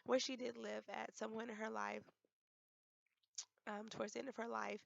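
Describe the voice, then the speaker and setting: Hoarse young woman, gravelly and halting. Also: on the high side, flat delivery, no room sound, dull audio. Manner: hesitant, many fillers and restarts. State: hoarse, losing her voice. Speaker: student presenter. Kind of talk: class presentation.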